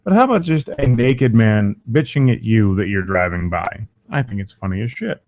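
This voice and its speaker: A man's voice: on the low side, normal speed. A man hosting a crude comedy podcast, swearing and mocking the news, his voice strained. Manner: profane, mocking, animated. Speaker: podcast host.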